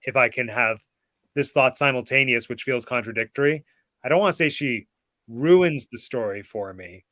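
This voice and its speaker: Man, middle pitch, bright tone, articulate, reflective casual chat, dry recording. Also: normal speed, no room sound. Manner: articulate, reflective film opinions. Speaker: co-host.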